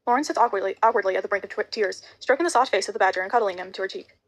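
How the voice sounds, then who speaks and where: Fast-reading woman stumbling over words. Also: mid-range voice, rough recording. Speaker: audiobook reader. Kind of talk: reading a novel aloud.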